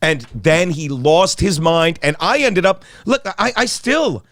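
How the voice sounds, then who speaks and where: In a casual storytelling chat, a middle-aged comedian from South Jersey, there as guest co-host, laughs his way through a long, meandering tale full of swearing. His fairly high, animated voice moves at a measured pace with a fairly bright tone, and the recording is dry.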